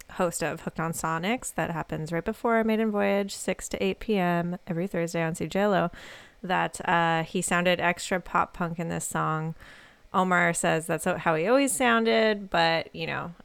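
A woman's voice: on the low side, steady tone, normal speed, creaky, fairly bright tone, clean tone, dry recording. A young woman radio DJ chatting playfully between songs, laughing easily as she talks into a studio microphone.

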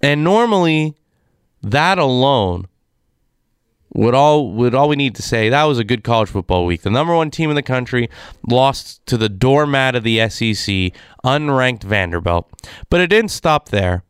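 A man's voice: mid-range voice, sing-song, moderate pace, smooth, dry recording, studio quality. A man giving an exasperated, ranting rundown of the week in casual sports talk. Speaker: sports commentator.

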